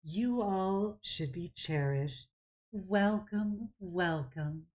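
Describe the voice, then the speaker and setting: A woman voicing a gentle, plant-like female high druid with a super calm, soothing voice in a tabletop game. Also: very slow. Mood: serene, soothing.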